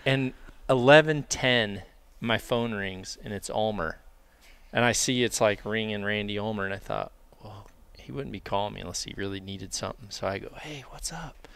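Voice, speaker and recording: Man telling a hunting story, smooth voice. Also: on the low side, normal speed. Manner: animated, acts out dialogue, laughs while telling. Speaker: podcast guest, bowhunter. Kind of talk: casual storytelling.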